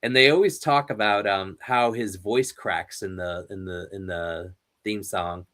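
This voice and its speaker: A man's voice: deep voice, measured pace, fairly bright tone. A man hosting an interview, telling rambling stories in casual chat and laughing often. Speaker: interview host.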